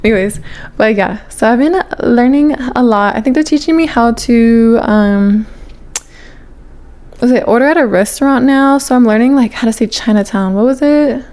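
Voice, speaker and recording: A young woman with a somewhat high voice chats casually to her vlog camera. She rambles along, peppering her talk with "like" and the odd swear word. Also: normal speed, a little mellow. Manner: chatty, rambling, fills with 'like', casual swearing. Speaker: vlogger.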